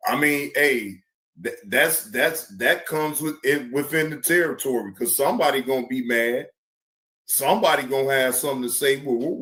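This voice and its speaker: A man's voice: medium pitch, a bit bright. A man hosting a live stream, talking bluntly and casually with plenty of profanity. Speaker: streamer host.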